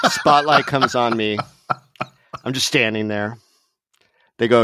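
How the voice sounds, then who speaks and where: A man's voice: lowish voice, moderate pace, long pauses, fairly bright tone, no room sound, clean studio sound. A middle-aged man from Las Vegas, a podcast guest telling an anecdote in casual chat, laughing often and acting out the voices of others. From Las Vegas, USA.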